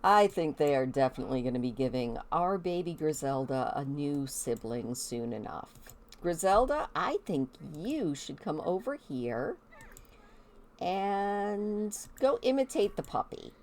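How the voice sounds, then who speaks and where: A woman's voice: low voice, big pitch swings, a little slow, darkish tone. A woman giving casual let's-play commentary as she plays a life-simulation game, chatty and curious, often amused. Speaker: gaming video host.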